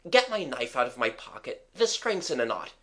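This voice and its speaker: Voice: medium pitch, big pitch swings, fairly bright tone. A reader doing a bossy schoolboy. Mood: urgent. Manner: brisk, commanding. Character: bossy, quick-thinking schoolboy.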